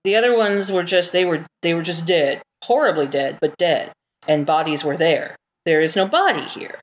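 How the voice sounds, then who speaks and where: A woman's voice: on the low side, moderate pace. A woman narrating a tabletop game as game master, talking casually with frequent restarts and small laughs. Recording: slightly dull lo-fi mic with faint hiss.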